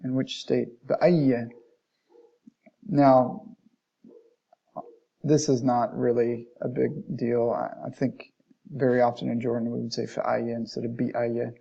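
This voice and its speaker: Gravelly, mellow male Arabic teacher. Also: medium pitch, little pitch movement, normal speed, long pauses. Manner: reads passages aloud, then restates them plainly, modeling Arabic phrases. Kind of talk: explaining textbook lesson. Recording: dull lo-fi recording.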